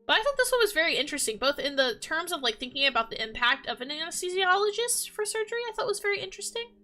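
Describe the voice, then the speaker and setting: A woman's voice: sits high, sharp tone. A woman chatting casually as a gaming vlogger, gushing and rambling with lots of fillers. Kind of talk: casual chat.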